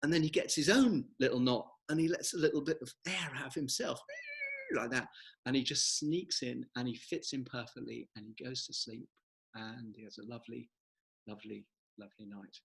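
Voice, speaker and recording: A man's voice: mid-range voice, normal speed, creaky, rough recording. A man, an author, chatting casually and rambling into a joke at an online book launch over a video call.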